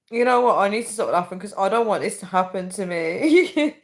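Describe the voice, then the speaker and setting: A woman hosting a casual live chat, laughing helplessly and out of breath as she talks. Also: mid-range voice. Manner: laughing helplessly, squealing through words. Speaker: live-stream host reading viewer comments.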